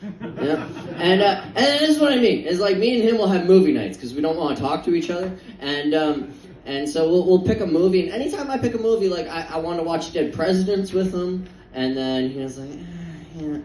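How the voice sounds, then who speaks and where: A man's voice: high-pitched, brisk, darkish tone. Man, stand-up comedian, rambling, self-deprecating, sounds far from the mic, roomy club echo. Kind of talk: stand-up set. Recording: echoey club, distant mic.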